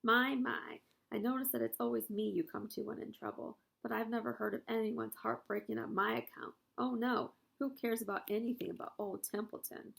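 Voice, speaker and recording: A woman's voice: a little high, fairly even intonation, normal speed, vocal fry, hardly any pauses, a bit bright, heavily acted. A woman doing a sarcastic grumbling rat. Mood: mocking. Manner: mocking and grumbling. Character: lazy, sarcastic male rat, grumbling and sly.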